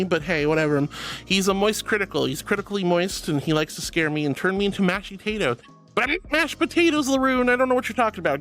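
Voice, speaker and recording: A man's voice: sits high, a bit bright. A man hosting a casual livestream and reading his chat aloud, chatty and apologetic, affectionately calling his viewers sweetie and honey. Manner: chatty and apologetic, self-described yapper.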